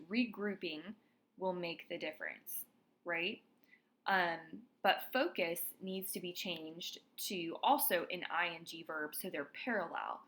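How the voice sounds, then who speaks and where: A woman's voice: fairly low pitch, a bit bright. A woman writing instructor giving a recorded lecture, talking students through example sentences and checking in with frequent "all right".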